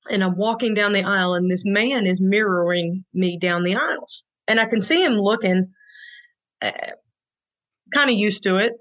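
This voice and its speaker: Woman in her 40s, podcast guest, earnest and frank, moderate pitch, storytelling. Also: a bit bright, low-quality recording. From Tennessee, USA. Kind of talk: heartfelt storytelling.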